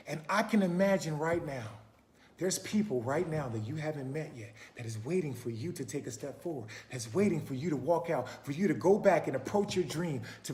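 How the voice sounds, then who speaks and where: A man giving a motivational talk in a preaching manner, pressing with repeated questions and dropping from loud urging to near-whispers. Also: on the high side, reverberant. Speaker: motivational speaker.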